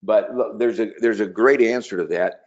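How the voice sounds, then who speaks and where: A man coaching new recruits in a webinar, persuasive and energetic, at times role-playing a conversation. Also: fairly low pitch, moderate pace. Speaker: sales trainer. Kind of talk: webinar training talk with role-play. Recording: dull lo-fi webinar audio.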